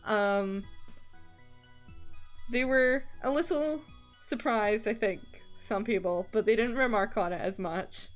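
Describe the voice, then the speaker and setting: A young woman chatting casually on a stream while she draws, rambling and laughing often between thoughts. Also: on the high side. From Scotland.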